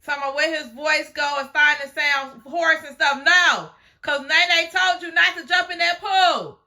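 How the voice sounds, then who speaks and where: A woman's voice: sits high, normal speed, pushed and bright. A woman hosting a reaction video, commenting on a clip in a sassy, teasing way.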